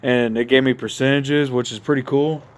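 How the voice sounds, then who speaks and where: A man's voice: mid-range voice, fairly even intonation, moderate pace. A man from Mississippi with a Southern accent, chatting casually into his phone camera in his backyard at night, a little tipsy after a couple of beers. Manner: laid-back, rambling, addresses viewers as y'all. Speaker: vlogger. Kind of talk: casual outdoor chat to camera.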